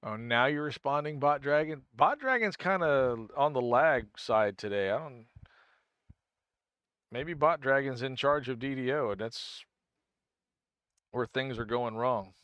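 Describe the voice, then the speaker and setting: During a game stream, a man talks at a measured pace with long pauses, his medium-pitched voice a bit bright and clean, though the audio is dull and has no echo. His casual chat rambles as he thinks aloud, answers viewers, and repeatedly restarts himself.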